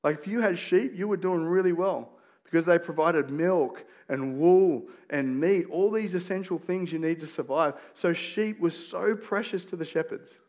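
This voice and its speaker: A middle-aged man preaching a sermon as a pastor, in a conversational, storytelling way with rhetorical questions and casual asides. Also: on the high side.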